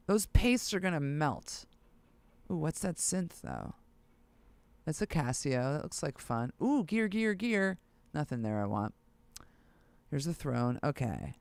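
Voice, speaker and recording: Excitable producer, lively smooth voice. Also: mid-range voice, a little slow, long pauses, no echo. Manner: excitable, talks to self while browsing listings. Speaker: music producer vlogger. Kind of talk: casual vlog talk to camera.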